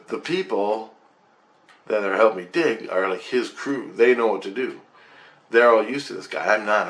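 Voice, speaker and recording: A man telling a rambling, excitable personal story to his viewers, with frequent swearing. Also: on the low side. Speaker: vlogger.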